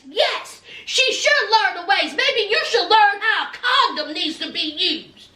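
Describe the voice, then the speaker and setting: A woman's voice: very high-pitched, bright, forceful tone. A woman recapping a reality TV episode for her viewers, sassy and dramatic, calling them honey and y'all. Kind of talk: casual commentary to viewers. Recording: echoey room, mic at a distance.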